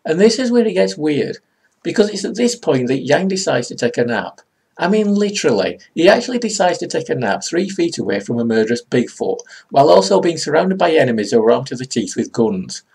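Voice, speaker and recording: A man's voice: fairly high pitch, big pitch swings, a little fast, gravelly, a little mellow, breathy edge. A man, giving a comedic comics review in a sarcastic, rambling way.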